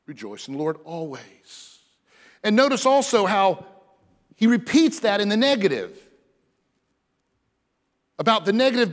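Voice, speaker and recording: A man preaching with a slightly high voice, earnest and emphatic, swinging between firm stress and hushed asides. His words ring out with a long reverb, as if in a big church sanctuary. He delivers it as a pastor giving a sermon. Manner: earnest, emphatic preaching with soft dropped passages. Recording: long reverb of a large hall.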